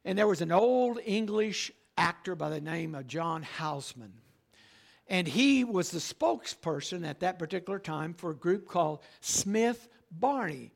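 An older man preaching a sermon, emphatic, slowing down on key phrases and often checking in with "all right?". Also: high voice, gravelly. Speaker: pastor.

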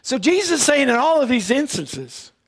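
A high-pitched man delivers a Sunday sermon from the pulpit. He teaches in a loose, conversational way, stopping often to check in with his listeners. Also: very animated, moderate pace. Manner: conversational preaching with frequent "all right?" check-ins. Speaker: pastor. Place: church.

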